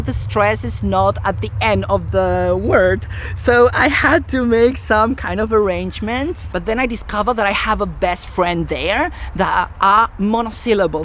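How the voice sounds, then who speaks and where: A woman's voice: mid-range voice, a little hiss or hum. A woman in a casual vlog, chatting outdoors in a forest and explaining songwriting. She talks in a chatty way, thinking aloud and asking herself questions.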